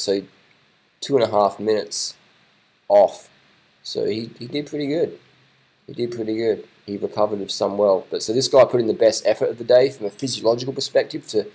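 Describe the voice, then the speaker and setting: A man giving casual live reaction commentary, excitable and repetitive, swearing now and then. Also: lowish voice, husky, low-quality recording. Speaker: video commentator.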